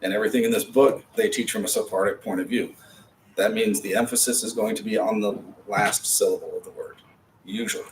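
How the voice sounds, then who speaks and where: Low-voiced man teaching a class. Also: fairly even intonation, a little fast. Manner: patient, explanatory, chatty asides. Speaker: Hebrew teacher. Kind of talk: classroom lecture. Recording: distant mic with faint background noise.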